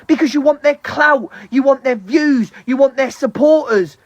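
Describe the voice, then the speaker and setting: A woman's voice: high voice, no room sound, highs cut off. Sweary woman ranting. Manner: heavy swearing, fast heated ranting. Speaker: live streamer. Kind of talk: angry live-stream rant.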